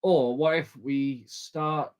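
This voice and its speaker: A man's voice: on the high side, steady tone, slow pace, clean tone. A man co-hosting a casual livestream, chiming in with brief, laid-back remarks. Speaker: livestream co-host.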